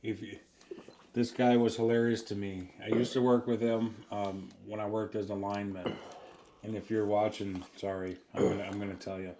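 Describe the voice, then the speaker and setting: A man's voice: on the low side, little pitch movement, normal speed, noisy background. A man co-hosting a casual chat, telling anecdotes in a laid-back, easygoing way. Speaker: co-host.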